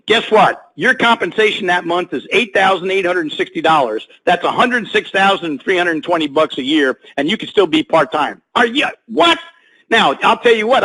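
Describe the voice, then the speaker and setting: Middle-aged guy hyping a business on a call, kinda husky, high voice, keeps going "are you kidding me", "okay", "man". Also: bright, forceful tone, poor audio. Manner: emphatic, folksy, rhetorical questions, frequent "okay" and "man". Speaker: presenter of a business opportunity call. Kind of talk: motivational sales pitch over a slide presentation.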